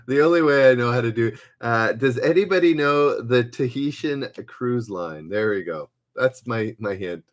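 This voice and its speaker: A man hosting a live-streamed trivia game, reading each question twice and stopping often to search for words. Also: medium pitch. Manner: halting, hesitant, reads questions aloud twice with many fillers. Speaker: livestream trivia host. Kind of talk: casual live-stream chat.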